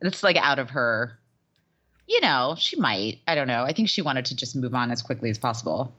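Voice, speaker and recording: A woman co-hosting a podcast, chatting casually and telling animated stories, acting out the people she quotes. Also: very deep voice, moderate pace. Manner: animated, laughing storyteller who acts out quotes. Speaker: podcast co-host. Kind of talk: casual chat.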